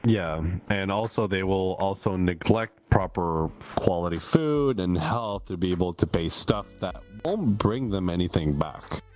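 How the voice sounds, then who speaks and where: A man from Quebec with a very deep voice talks loosely on a podcast. He rambles with fillers and jokes at his own expense, while soft music plays faintly behind him. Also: unhurried. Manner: chatty, self-deprecating, frequent fillers. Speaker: podcast co-host. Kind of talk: casual podcast chat.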